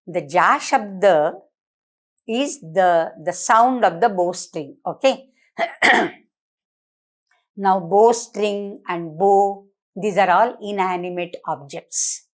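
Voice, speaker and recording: A woman professor with an Indian English accent gives an explanatory lecture on classical verse. She recites lines, then unpacks them with frequent rhetorical questions like "you know?" Her pitch sits in a moderate middle range. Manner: explanatory, asks rhetorical questions, switches into Hindi and Marathi. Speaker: professor lecturing on Sanskrit drama. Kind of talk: academic lecture.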